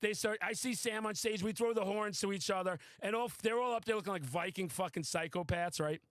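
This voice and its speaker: A high-pitched man hosts a casual podcast chat, talking in an excitable, boastful rush and swearing freely. His voice is recorded dry and close, with no room sound around it. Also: fairly quick, no room sound. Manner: excitable, boastful, profane storytelling. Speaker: podcast host.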